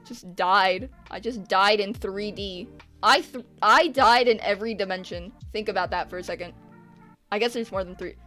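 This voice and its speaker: A teenage girl talks loosely to her stream chat as she draws, breaking into giggles and teasing viewers with sarcasm. Her voice sits a little high, and soft music plays faintly underneath. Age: teens. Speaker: art streamer. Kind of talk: casual livestream chat while drawing.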